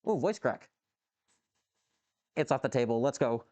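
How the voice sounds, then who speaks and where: Machining live at home beside his lathe, a man answers his chat in a rambling, swearing, reactive way. His medium-pitched voice is animated yet a little slow and darkish, on a dry, lo-fi recording.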